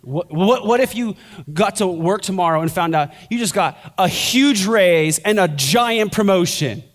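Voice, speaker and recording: A man's voice: high-pitched, lively intonation, measured pace. A young man preaching a sermon as a pastor, conversational and joking, then building to fervent intensity.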